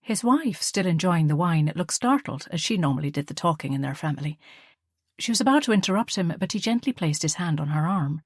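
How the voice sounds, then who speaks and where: A woman's voice: fairly low pitch, lively intonation, fairly quick, slightly rough, no room sound, studio quality. Woman narrating a historical audiobook. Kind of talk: scripted narration.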